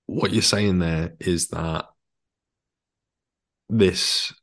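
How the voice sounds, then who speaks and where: A man hosting a podcast, asking measured questions that sum up what his guest has said. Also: deep voice, fairly even intonation, a bit bright. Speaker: podcast host. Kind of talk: interview questions.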